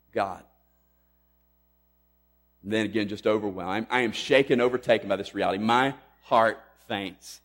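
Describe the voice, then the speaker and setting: A man preaching a sermon, emphatic, rising loud on questions and dropping to a hush on key lines. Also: on the low side, steady tone, normal speed, pauses often. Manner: emphatic, swings between loud and hushed. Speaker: pastor.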